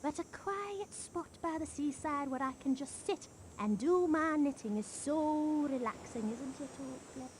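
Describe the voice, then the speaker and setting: In this video game voice acting, an actress plays a chatty, gossiping middle-aged wife on holiday, speaking with a northern English accent and forever turning to her husband for agreement. Her voice is high and unhurried, with hardly any pauses and a little hiss or hum. The mood is gossipy, and she gushes while continually prompting her husband.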